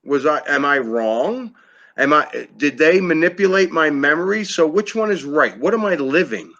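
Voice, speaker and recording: A man's voice: a little high, animated, moderate pace, a bit bright. A man with an American East Coast accent hosting a casual interview, talking emphatically and repeating himself. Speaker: host. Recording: lo-fi muffled audio.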